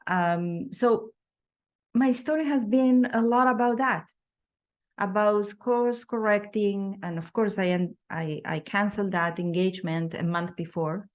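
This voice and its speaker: A woman's voice: medium pitch, measured pace. A middle-aged woman sharing her personal story as a podcast guest, thoughtful, with frequent fillers and restarts.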